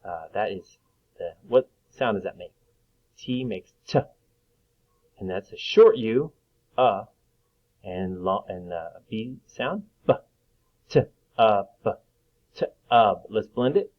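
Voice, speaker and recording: A male teacher giving a reading lesson to young children, slowly sounding out words and encouraging them. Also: lowish voice, animated. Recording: dull lo-fi recording.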